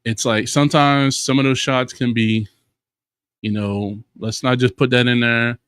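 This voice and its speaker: A man's voice: medium pitch, steady tone, a little slow, a bit bright, smooth, dry recording, studio quality. Man with a Louisiana accent, casual chat. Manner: conversational, says "you know" a lot, explains filmmaking. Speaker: co-host.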